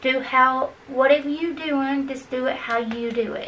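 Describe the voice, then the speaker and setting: A woman's voice: high-pitched, fairly even intonation, moderate pace, hardly any pauses, fairly bright tone, distant mic, slight background noise, low-quality recording. A woman chatting to her viewers while cleaning, out of breath, rambling and encouraging. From Kentucky. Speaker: cleaning vlogger. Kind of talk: casual chat to camera.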